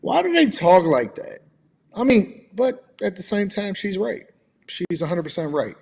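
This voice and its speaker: A man's voice: high voice, sing-song, moderate pace, vocal fry, darkish tone, husky, long reverb tail. A man co-hosting a livestream, giving emphatic, opinionated commentary in a lecturing way. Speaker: livestream co-host.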